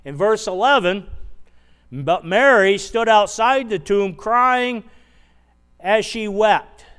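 A man's voice: high voice, fairly bright tone, clear, resonant tone. A man preaching a sermon, retelling a scripture passage conversationally and asking the congregation rhetorical questions. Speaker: pastor.

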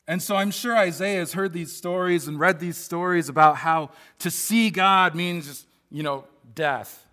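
Male pastor, fairly high, bright tone, earnest conversational sermon. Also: measured pace, few pauses. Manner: earnest, conversational preaching with frequent restarts.

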